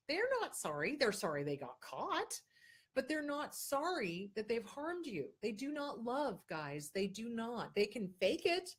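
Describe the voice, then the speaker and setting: A woman's voice: fairly high pitch, husky. Blunt, emphatic woman host. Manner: blunt and emphatic, repeats key points. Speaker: host answering viewer questions. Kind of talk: casual advice talk.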